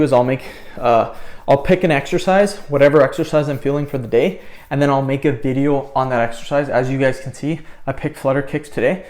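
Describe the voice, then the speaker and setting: A man's voice: medium pitch, a little fast, darkish tone. A young man, a fitness vlogger, talking casually to the camera between sets, out of breath as he counts his reps. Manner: counts reps, breaks off to chat. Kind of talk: casual talk to camera during a workout.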